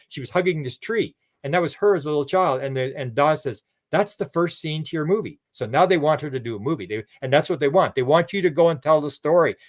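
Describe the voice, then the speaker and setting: A man talking as a radio show guest in a loose, rambling way, often repeating words and restarting sentences. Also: a little high. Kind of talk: casual radio interview talk.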